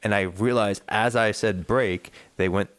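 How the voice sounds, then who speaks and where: A man's voice: fairly low pitch, steady tone, unhurried, a bit bright, dry recording. A man hosting a podcast, getting worked up and swearing as he rants about dogs. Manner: worked-up, profane ranting. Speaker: podcast host. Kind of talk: casual podcast chat.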